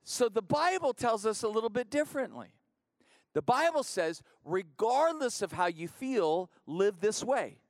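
A pastor preaching a conversational sermon in church, repeating phrases and building rhythmic refrains. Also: male voice, sits high, sing-song, measured pace, no echo, clean studio sound.

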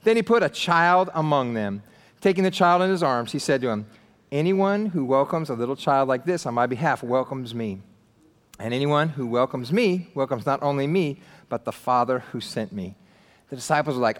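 A man preaching a casual, animated sermon, acting out voices of the people in the story with slang and jokes. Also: medium pitch, normal speed, big-room sound. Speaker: pastor.

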